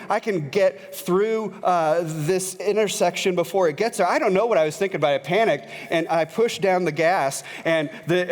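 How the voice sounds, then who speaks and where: Man preaching in a reverberant church. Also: high-pitched. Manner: conversational, frequent "uh" fillers, grows animated when retelling a story. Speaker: pastor. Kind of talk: sermon with personal storytelling. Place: church sanctuary. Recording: long reverb of a large church hall.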